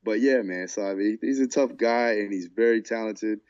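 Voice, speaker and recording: A man's voice: on the low side, moderate pace, darkish tone, highs cut off. A man co-hosting a podcast as a fight coach, talking in a laid-back, casual way and often saying "man". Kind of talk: casual chat.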